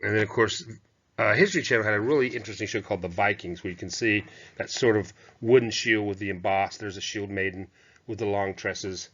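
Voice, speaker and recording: A man's voice: lowish voice, a little fast, fairly bright tone. A man giving a chatty, digressive lecture on historical costume, talking through slides with fillers and asides. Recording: dull, muffled lo-fi lecture recording.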